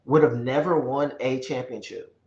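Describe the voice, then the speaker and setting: A man co-hosting a casual sports podcast, talking in a measured, explaining way. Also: medium pitch, fairly even intonation, a little mellow, muffled recording. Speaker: podcast co-host. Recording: echoey room.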